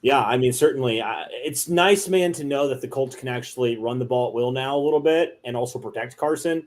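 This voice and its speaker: A man's voice: medium pitch, a little fast, a little mellow. Upbeat man asking fan questions. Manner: upbeat, asks guests questions. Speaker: co-host. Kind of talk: casual chat.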